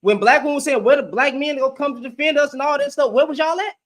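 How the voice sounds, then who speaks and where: A man's voice: very high voice, fast talker. A young man hosting a heated live debate, ranting fiercely and cursing freely. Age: young adult. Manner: fiery, profane, ranting.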